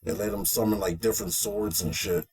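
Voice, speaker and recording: Male podcast co-host, relaxed banter, frequent laughter, playful impressions. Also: fairly quick, husky. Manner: animated, laughing, jumps into high-pitched character voices. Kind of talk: casual anime recap chat.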